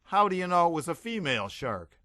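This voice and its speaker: A man's voice: a little high, big pitch swings, brisk, sharp tone, no echo, clean studio sound, voice pushed up. A man voicing a hysterical young woman who shrieks in panic. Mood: shrill suspicion.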